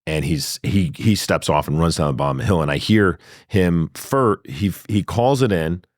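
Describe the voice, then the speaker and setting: Deep-voiced man telling a lively story. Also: normal speed, no room sound, clean studio sound. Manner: animated storyteller who acts out dialogue and laughs often. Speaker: guest telling his story. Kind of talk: personal story told in a studio interview. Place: sound studio. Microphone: studio microphone.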